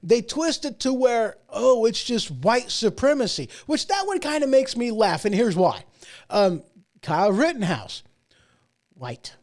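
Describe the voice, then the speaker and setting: A man's voice: extremely high pitch, big pitch swings, unhurried, a little mellow. A man hosting his own show, giving casual political commentary in a rambling, emphatic way with sarcastic asides. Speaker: host.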